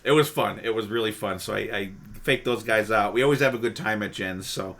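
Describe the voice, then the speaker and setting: A man's voice: on the low side, a little fast, vocal fry, a bit bright. A man hosting a podcast in casual chat, rambling with frequent restarts and casual swearing. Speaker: podcast host.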